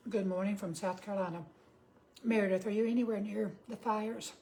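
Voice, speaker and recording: This chatty Southern woman in her fifties, from Georgia, US, welcomes viewers by name on her cooking livestream and reads their comments aloud. Her mid-range voice has a dark tone and fairly even intonation, and she talks fairly quickly.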